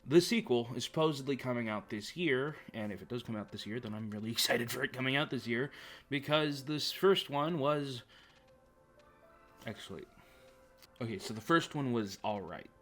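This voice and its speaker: A man's voice: mid-range voice, lively intonation, normal speed, a bit bright, soft background music. A man talking casually to camera about upcoming films, rambling with frequent stammered restarts. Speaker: movie vlogger. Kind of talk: casual chat.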